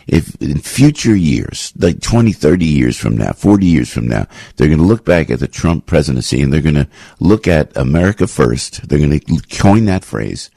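A man hosting talk radio, rambling and animated, full of restarts and jokey asides. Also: a bass voice, normal speed, vocal fry, slightly rough, dry recording. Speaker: radio host.

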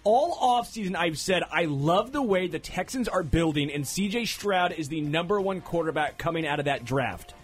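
A man hosting a sports talk show, making picks and teasing his co-hosts with animated, excitable banter. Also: on the high side, moderate pace, hardly any pauses.

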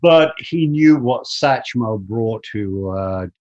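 Middle-aged northern English man, faded Lancashire accent, halting and reflective guest, lo-fi sound. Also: mid-range voice, expressive, darkish tone. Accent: Lancashire, softened by decades in America. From northern England. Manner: reflective, halting, repeats words when starting. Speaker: guest musician. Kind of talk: casual interview chat. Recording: muffled lo-fi audio.

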